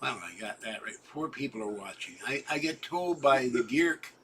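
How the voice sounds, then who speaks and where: A man's voice: medium pitch, animated, moderate pace, fairly bright tone, slight background noise, poor audio. A man in his sixties hosting a livestream, chatting to viewers in a rambling way with frequent restarts. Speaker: livestream host. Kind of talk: rambling live-stream chat.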